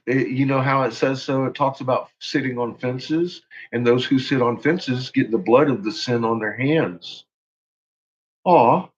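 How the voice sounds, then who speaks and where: A man ranting on a live stream in casual, profane talk, laughing often and calling out to his viewers by name. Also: medium pitch. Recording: muffled lo-fi recording.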